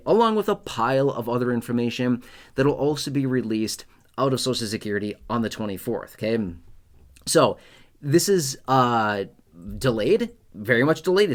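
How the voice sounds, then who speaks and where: Emphatic man, repeats points and says "okay?". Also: medium pitch. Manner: emphatic and repetitive, often checks in with "okay?"; speaks straight to viewers, addressing their comments. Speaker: YouTube host on retirement benefits. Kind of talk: direct-to-camera explainer talk.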